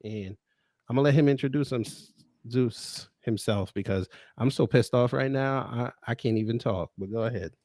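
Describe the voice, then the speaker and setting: A man's voice: medium pitch, normal speed, dark tone, dry recording, clean studio sound. A man from New York hosting a political talk show, ranting in a heated, mocking way and repeating his points for emphasis. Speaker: host.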